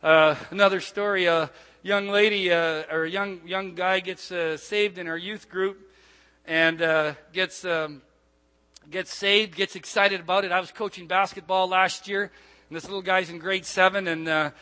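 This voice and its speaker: A middle-aged man preaches a sermon, telling stories in an animated way, full of asides and restarts. His voice sits high and sounds bright. It rings with the long reverb of a church hall. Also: moderate pace. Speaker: pastor.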